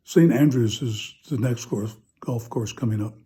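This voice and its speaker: A priest voicing a genial Saint Peter who welcomes new arrivals to heaven, in a cheerful, reassuring tone while telling a joke in a homily. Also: male voice, mid-range voice, unhurried, mellow, pitched below the performer's own voice, close to an everyday voice.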